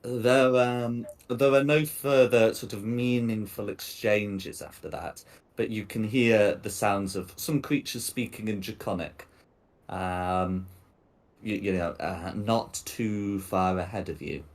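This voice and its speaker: Game master, male, lowish voice, hesitant and filler-heavy narration. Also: slow.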